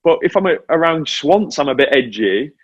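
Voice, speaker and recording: A man's voice: on the high side, moderate pace, breathy edge, no room sound, lo-fi sound. A British man in his forties, a former motorcycle racer, chatting animatedly as an interview guest over a remote link. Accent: British English. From Britain. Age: 40s. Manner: animated, self-deprecating storytelling. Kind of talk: casual interview chat.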